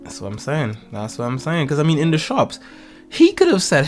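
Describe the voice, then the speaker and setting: A man's voice: a little high, brisk, soft background music. A man, telling stories in a casual chat and acting out the voices in them. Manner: animated storyteller, acts out quotes. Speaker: podcast guest.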